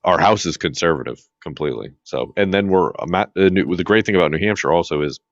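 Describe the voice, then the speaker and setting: A man's voice: low voice, fast talker, gravelly, no echo, lo-fi sound. A man from Massachusetts co-hosting a podcast, chatting casually about politics and rambling with many fillers and restarts. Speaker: podcast co-host.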